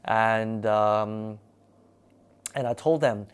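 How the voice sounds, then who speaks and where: A man telling a spooky personal story in a casual, animated and dramatic way. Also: mid-range voice, normal speed.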